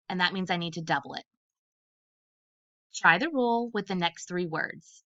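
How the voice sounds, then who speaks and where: A woman literacy specialist teaching a phonics lesson to young children, speaking clearly and deliberately and sounding out letters one at a time. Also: lowish voice, animated, sharp tone. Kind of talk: early-grade phonics lesson. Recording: dull lo-fi sound.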